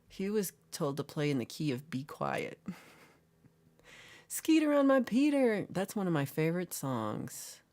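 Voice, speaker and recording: A woman's voice: low-pitched, a little mellow. Woman, livestream host, casual chat, jokey, teasing, swooping intonation. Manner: playful, reads and answers chat comments aloud. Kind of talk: casual live chat with viewers.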